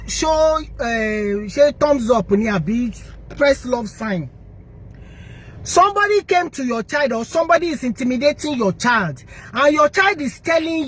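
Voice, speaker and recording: A woman's voice: high-pitched, big pitch swings, a little slow. A woman with a Yoruba Nigerian accent giving emphatic live-stream commentary to her viewers, firing rhetorical questions as she switches between English and Yoruba. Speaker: online motivational speaker.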